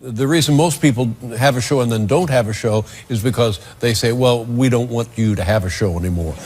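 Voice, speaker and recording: A man interviewing a guest on a talk show, asking measured, probing questions. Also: mid-range voice, a loud crowd, very noisy.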